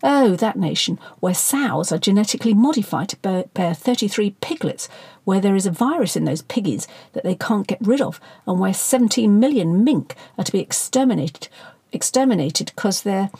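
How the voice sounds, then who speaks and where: A woman's voice: mid-range voice, expressive, normal speed, mellow, slightly rough, no room sound. A woman narrator voicing a short-tempered, scornful male political boss in an audiobook, with a sneering, barking delivery. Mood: sceptical.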